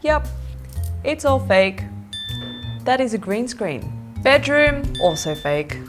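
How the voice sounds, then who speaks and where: A woman's voice: fairly high pitch, sing-song, slow, soft background music. A woman hosting her own show from a green screen studio, bubbly and teasing in scripted comedic delivery. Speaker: host of a hacks show. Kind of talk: scripted comedic vlog presenting.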